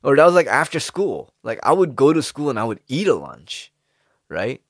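A young man talking casually and rambling, with plenty of swearing. His voice sits at a middle pitch but jumps up sharply when he gets worked up. The sound is close and dry. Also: moderate pace, no room sound. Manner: animated, profane, rambling with sudden pitch jumps. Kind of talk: casual monologue.

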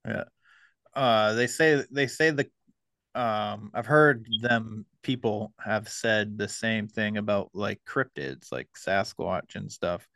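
A man hosting a podcast, speaking in a relaxed, hesitant way with many ums. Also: lowish voice, slow pace, dry recording. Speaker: podcast host. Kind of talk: casual conversation.

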